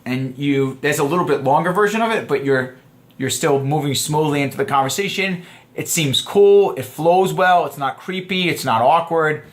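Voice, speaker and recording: A man's voice: on the high side, moderate pace. Easygoing man coaching on conversation. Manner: relaxed, loose, acts out both sides of example chats. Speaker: dating coach. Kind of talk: casual instructional talk to camera.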